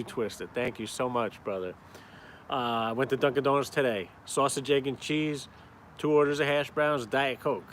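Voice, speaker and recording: A bit bright and medium in pitch, the voice belongs to a man from upstate New York who draws caricatures and vlogs. Standing outside in town in the cold, he rambles and swears casually while talking to his live-stream viewers, with slight background noise.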